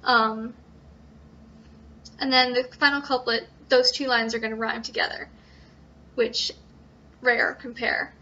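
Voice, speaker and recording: A young woman talks through poetry basics in a high, bright voice, often pausing with ums and correcting herself. The recording is dull and lo-fi. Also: fairly even intonation. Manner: hesitant, many ums and self-corrections. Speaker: student presenter. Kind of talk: informal tutorial.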